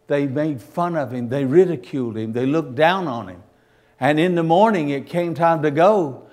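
A man preaching a fervent sermon, swinging from hushed asides to loud dramatic calls. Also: on the high side, lively intonation, moderate pace.

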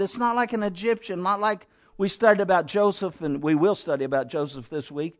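Brief: male preacher, high voice, lively storytelling sermon, dramatic volume swings. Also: fairly quick, few pauses. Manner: animated, acts out quotes with sudden loud and soft swings.

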